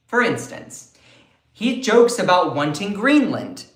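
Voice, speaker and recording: A man's voice: sits high, sing-song, slow, echoey room. A man with a Southern US accent giving emphatic political commentary on a live stream, often repeating and restarting his phrases. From Southern United States.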